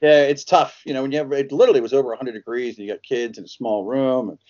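A man's voice: mid-range voice, fairly even intonation, fast talker, a little mellow, lo-fi sound. A man who is an actor, chatting as an interview guest, laughing often and acting out quotes as he tells stories. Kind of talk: casual interview chat.

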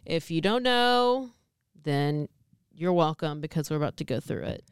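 A woman co-hosting a podcast, telling stories in a playful, animated way in casual chat. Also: deep voice, moderate pace, clear, resonant tone, no room sound, studio quality. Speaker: podcast co-host.

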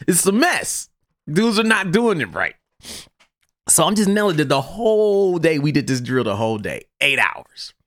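A man hosting a podcast, telling a story in a casual, animated, profane way. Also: on the high side, normal speed, dry recording, studio quality. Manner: animated, profane, laughs through his story. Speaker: podcast host.

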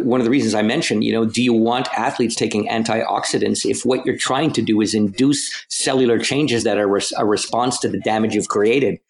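A man who coaches cycling, talking in a halting way and repeating words as he thinks aloud. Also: mid-range voice. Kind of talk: casual podcast chat. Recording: echoey room.

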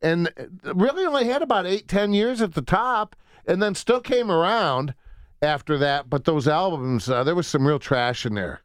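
Smooth-voiced comedian chatting. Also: male voice, fairly high pitch, normal speed, no echo, studio quality. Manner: relaxed, chatty, reminiscing. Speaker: comedian and radio personality. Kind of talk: casual podcast chat.

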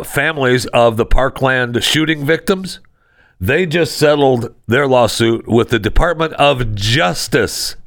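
A man's voice: medium pitch, vocal fry, a bit bright, no echo, clean studio sound. A man hosting a sarcastic news commentary show, talking with mocking, sardonic asides. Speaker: host.

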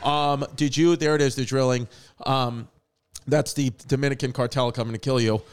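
A man's voice: mid-range voice, fairly even intonation, normal speed, clear, resonant tone. A man hosting a podcast in casual chat, cracking crude jokes and rambling through tangents in a small studio. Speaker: podcast host.

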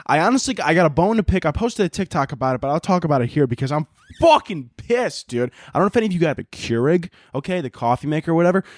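Young male podcast host, slightly high voice, dry close sound, profane rambling rants. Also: no echo. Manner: profane, rambling, sarcastic, jumps between topics. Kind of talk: casual solo podcast rant.

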